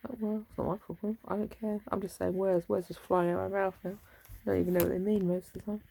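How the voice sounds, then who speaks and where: A woman's voice: mid-range voice, little pitch movement, quick pace, vocal fry, warm tone, dry recording. A woman rambling casually to herself in a vlog, muttering and trailing off. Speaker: vlogger.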